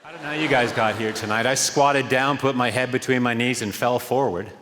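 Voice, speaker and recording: Deadpan man telling one-liners in a hall. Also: mid-range voice, brisk. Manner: deadpan, pun-driven delivery. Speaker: stand-up comedian. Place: large theatre stage before an audience. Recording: roomy live hall with loud noise.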